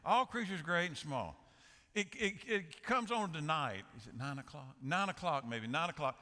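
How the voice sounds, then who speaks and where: A man's voice: a little high, lively intonation, normal speed, pushed and bright, in a large hall. A man preaching a sermon as pastor, joking and telling stories in a folksy way. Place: large church sanctuary.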